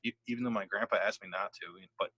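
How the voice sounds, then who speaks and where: Bright, dry-voiced young man rambling. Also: on the low side, fairly even intonation, fast talker, no room sound, dull audio. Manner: rambling storytelling with frequent swearing and laughter. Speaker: podcast co-host. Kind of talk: casual chat.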